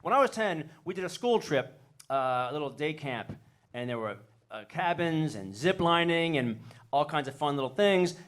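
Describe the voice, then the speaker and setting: Male stand-up comic, rambling self-mocking delivery, lively pitch, stage mic in a club. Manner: rambling, self-deprecating, shouts character voices. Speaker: stand-up comedian. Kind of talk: stand-up comedy set.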